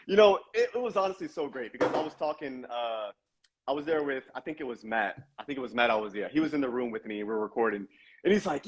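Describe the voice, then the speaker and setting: Husky male voice actor telling stories. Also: medium pitch, animated, fast talker. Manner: chatty anecdotes with frequent uh and man. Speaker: voice actor guest. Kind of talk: casual interview storytelling.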